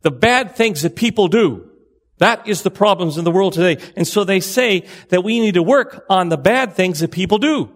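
A man's voice: high-pitched, lively intonation, normal speed. A man preaching a sermon to his congregation, earnest, repeating phrases and asking rhetorical questions. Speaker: pastor.

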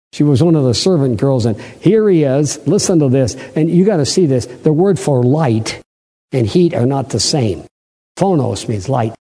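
A man's voice: vocal fry, warm tone, slightly rough. Dramatic male preacher in a reverberant hall. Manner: dramatic, acts out scripture voices with big pitch swings. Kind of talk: sermon.

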